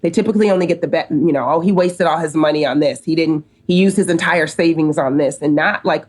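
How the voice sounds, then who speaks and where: A woman's voice: low voice, quick pace. A middle-aged American woman, a company co-founder, telling a long story as a podcast guest and acting out the dialogue. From United States. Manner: animated storyteller, acts out quoted dialogue. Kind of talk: storytelling in a casual interview.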